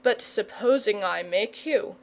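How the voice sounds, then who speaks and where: A woman's voice: medium pitch, unhurried, natural voice. A woman voicing a frank, pleasant, patient male knight in a storybook reading. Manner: frank and persuasive.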